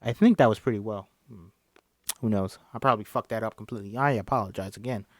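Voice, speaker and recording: A man's voice: fairly low pitch, fast talker, dry recording, studio quality. A man reading a film script aloud in a casual way, often stumbling, correcting himself, and apologizing. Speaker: script reader.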